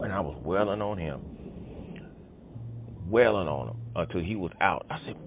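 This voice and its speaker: Deep-voiced man over a tinny phone line. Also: fairly quick, noisy background. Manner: rambling storytelling with many fillers and emphatic "boom" sound effects. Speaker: channel host telling a personal story. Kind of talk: casual phone conversation. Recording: tinny phone-line audio with music behind.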